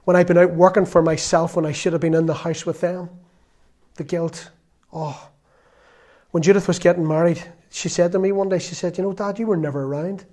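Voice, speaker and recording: A man in his fifties preaching a sermon in an earnest, conversational way, at times dropping to a soft confessional tone. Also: high-pitched, little pitch movement, moderate pace. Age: 50s.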